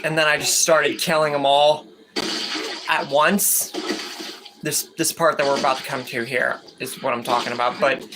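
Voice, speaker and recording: A man's voice: medium pitch, level tone, moderate pace, noisy background. A man hosting a gaming channel, rambling in a chatty casual way over gameplay. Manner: rambling and chatty, with fillers and restarts.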